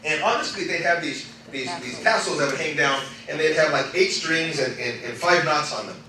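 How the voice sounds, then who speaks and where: High-voiced animated preacher in echoey hall. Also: male voice, a little fast. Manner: animated, laughing often, swings between loud exclaims and quiet storytelling. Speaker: pastor. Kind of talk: sermon. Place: church sanctuary. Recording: echoey church hall, mic from far off, congregation responding. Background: congregation calling out responses.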